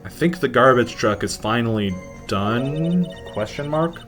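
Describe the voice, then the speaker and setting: Guy doing a sarcastic let's play, mid pitch, faint game music behind. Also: expressive, measured pace, fairly bright tone. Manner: sarcastic, mocking. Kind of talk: casual let's-play commentary, reading game lines aloud.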